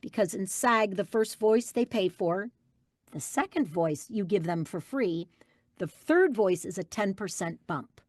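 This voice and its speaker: A woman's voice: mid-range voice, lively intonation, measured pace, a little mellow, no echo, studio quality. A woman guest voice actress giving an emphatic interview answer, insisting on her point and repeating key phrases.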